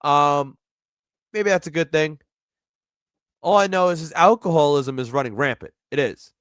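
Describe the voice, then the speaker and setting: A man's voice: on the high side, moderate pace, fairly bright tone, clean tone, dry recording, studio quality. A man with a New York accent giving sardonic, profane live commentary on a video he is watching. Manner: sardonic, profane, rambling asides. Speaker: streamer reacting to a video.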